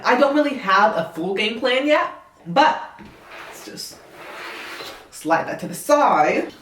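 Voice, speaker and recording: A young British woman, a crochet vlogger, chatting casually to camera and playfully putting on a Southern drawl. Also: medium pitch. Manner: chatty and upbeat, with asides. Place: home craft studio. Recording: roomy echo.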